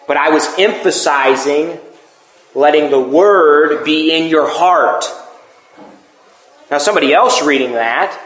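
A man's voice: a little high, reverberant, poor audio. A man preaching a sermon in a conversational teaching manner, with asides and restarts.

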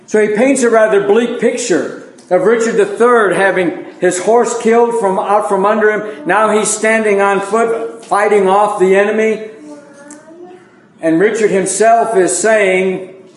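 A man with a fairly high voice teaches a Bible lesson, talking to his congregation in a relaxed, folksy way and poking fun at himself. The room around him is echoey. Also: measured pace. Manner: folksy, self-deprecating, with plain asides to the congregation. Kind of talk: conversational sermon.

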